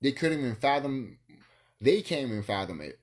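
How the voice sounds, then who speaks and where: A man's voice: medium pitch, sing-song, moderate pace. A man vlogging in a rambling solo monologue, ranting and swearing, with bursts of laughter.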